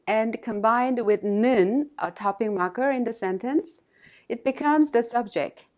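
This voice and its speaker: Careful woman language teacher, fairly high voice. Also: darkish tone. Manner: slow, careful, instructive delivery with repeated model phrases. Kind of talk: scripted lesson narration.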